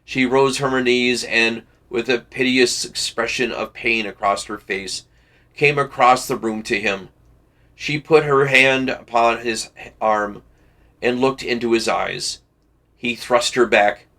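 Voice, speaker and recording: A man reading a classic novel aloud for a book club, measured and deliberate with occasional slips. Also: mid-range voice, fairly even intonation, pushed and bright.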